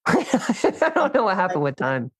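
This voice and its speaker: A woman's voice: medium pitch, sing-song, slow, no room sound. A woman co-hosting a casual podcast, reacting with enthusiasm and asking questions. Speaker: podcast co-host.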